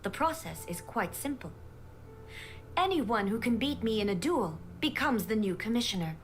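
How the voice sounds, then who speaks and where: Stern ruler, commanding, cold, formal, somewhat high voice, game audio with faint music. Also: female voice, big pitch swings, normal speed. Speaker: game character.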